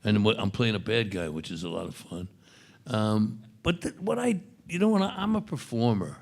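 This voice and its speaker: A man's voice: lowish voice, animated, darkish tone. A man in his seventies with a Brooklyn accent, a guest actor at a convention panel, telling rambling stories with restarts. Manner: gravelly, halting, storytelling with restarts.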